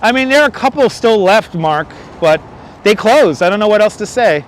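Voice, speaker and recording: A chatty man with a fairly high voice hosts a live walking stream across a windy city bridge. He jokes along and reads viewer comments aloud into a clip-on lapel mic. Faint traffic and subway rumble sit behind him. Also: expressive, normal speed. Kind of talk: casual live-stream chat. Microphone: wireless lapel mic. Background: city traffic and passing subway trains.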